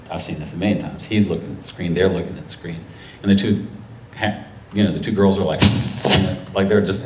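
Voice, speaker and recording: A middle-aged man from North Carolina, an author telling anecdotes to a festival audience, rambling and emotional, acting out quotes. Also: low-pitched. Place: festival stage before a live audience. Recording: echoey hall with faint noise.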